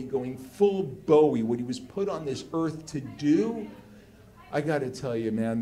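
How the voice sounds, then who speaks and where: A man from Los Angeles telling a comedic story live on stage, animated and excitable, peppering his talk with "like". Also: mid-range voice. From Los Angeles, United States. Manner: animated, excitable, heavy use of "like".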